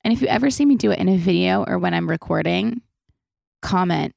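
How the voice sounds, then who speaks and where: A woman's voice: on the low side, expressive, a little fast, creaky, darkish tone, no echo, studio quality. A young woman hosting a casual podcast Q&A, chatty and loose, swearing freely and saying "like" a lot. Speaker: podcast host. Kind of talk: casual Q&A chat.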